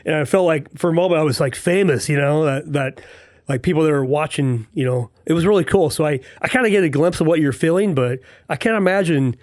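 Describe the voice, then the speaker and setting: A middle-aged man hosts a relaxed interview with a fairly high voice. He chats easily and drops in short reactions. His sound is dry and close, with no room echo. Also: a little fast. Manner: chatty, frequent short reactions. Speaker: podcast host. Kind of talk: casual interview chat.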